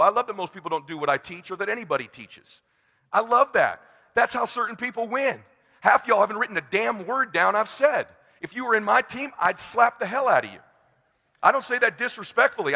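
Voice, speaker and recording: Forties male sales coach, high and raspy, tense delivery, shouts then hushes, big reverberant hall. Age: 40s. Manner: blunt, swings from hushed to shouting. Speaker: sales trainer. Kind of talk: motivational seminar speech.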